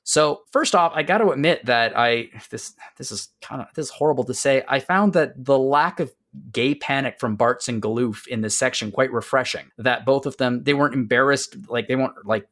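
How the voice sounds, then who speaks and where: A man's voice: mid-range voice, normal speed, fairly bright tone. A man hosting a podcast, recapping a game's story in casual chat and putting on playful voices for the characters. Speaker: podcast host. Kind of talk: casual game discussion.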